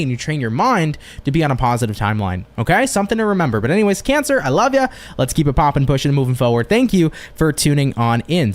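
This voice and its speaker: A man giving a chatty, upbeat tarot reading on a live stream, with casual slang and swearing. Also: fairly high pitch. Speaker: tarot reader.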